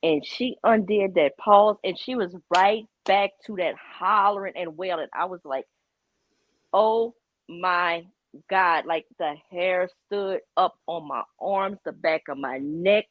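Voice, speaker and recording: Brief: lower-pitched woman, animated storyteller, heard over a thin phone-like call line, very dry. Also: slow, no echo. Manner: expressive, acts out quotes, emphatic repeated denials. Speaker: guest on a drama commentary stream. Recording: tinny phone-like call audio.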